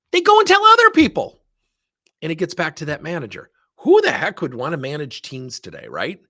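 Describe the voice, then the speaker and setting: A man's voice: mid-range voice, breathy edge. A middle-aged man giving a motivational talk on leadership, telling anecdotes with plenty of rhetorical questions. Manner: animated storytelling, rhetorical questions. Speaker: leadership speaker.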